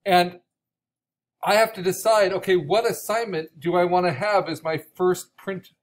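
A man teaching an online art course, explaining steps with frequent restarts and a voice gone raspy from coughing. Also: sits high, fairly even intonation, normal speed. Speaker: art instructor. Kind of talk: recorded online course lecture.

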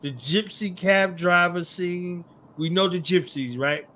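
A man appearing as a guest on a radio show, telling stories about films in animated casual chat over a remote call. He laughs often and keeps checking that the listener follows. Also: sits high, a little slow. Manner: animated storyteller, laughs often, asks "you understand what I'm saying?". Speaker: guest, rapper.

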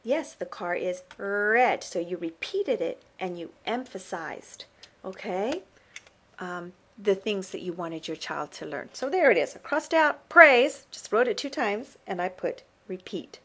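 A woman's voice: mid-range voice, expressive, unhurried, a bit bright, breathy edge. A woman teaching parents on camera in an upbeat, coaching way, often checking in with the listener. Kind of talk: instructional talk to camera.

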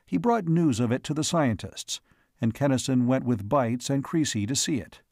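A man narrates a science fiction audiobook at an ordinary middle pitch, steady and even throughout. The recording is close and dry, with no room sound. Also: normal speed, gravelly, no echo.

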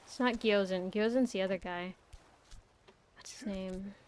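A woman's voice: mid-range voice, a little slow, a little mellow, a little hiss or hum. A young woman streaming a game, chatting casually, rambling and swearing with lots of fillers. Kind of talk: casual live-stream chat.

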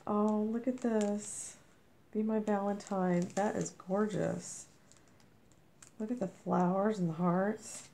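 Slow, gravelly, gushing woman vlogger. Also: fairly even intonation, mellow. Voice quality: squeaky. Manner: gushing, effusive. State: under the weather. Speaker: vlogger opening mail. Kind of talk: casual unboxing chat.

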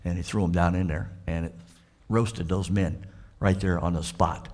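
A Southern-accented man preaching to his church with a fairly low voice. He tells the story with plenty of drama, slipping into the voices of the characters. It is a sermon delivered by a pastor. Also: moderate pace. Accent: Southern American. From Florida. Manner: animated storytelling preacher, acts out the characters' dialogue.

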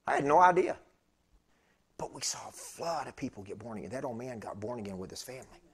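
A man preaching a sermon, telling a story with animated swings between loud bursts and hushed tones. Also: mid-range voice, quick pace.

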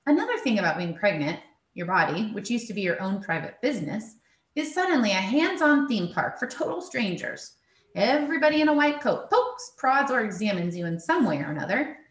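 A woman's voice: mid-range voice, big pitch swings, fairly quick, close to an everyday voice. A woman voicing a frank, wry pregnant teacher who speaks bluntly and matter-of-factly, read in a storybook style. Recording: roomy echo.

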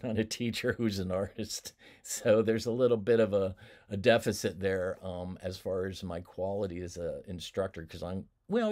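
Chatty, joking male college instructor. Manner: joking, easygoing, chatty with laughs and asides; animated swings in pitch and loudness. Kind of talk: recorded classroom lecture.

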